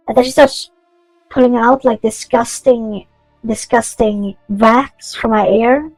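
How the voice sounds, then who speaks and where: A woman's voice: on the high side, fairly even intonation, measured pace, gravelly, no room sound, soft background music, rough recording. A woman chatting casually while coding on stream, rambling through stories and swearing freely.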